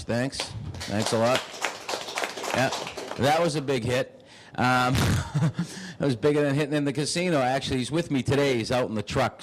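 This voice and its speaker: A man telling rambling, rapid stand-up stories as a guest comedian. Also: medium pitch, poor audio.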